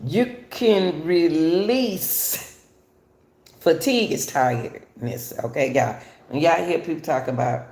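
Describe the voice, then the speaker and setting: An older woman with a low, slow, slightly mellow voice hosts a casual talk for viewers in an echoey room. She's chatty and repetitive, calling her listeners "y'all" again and again.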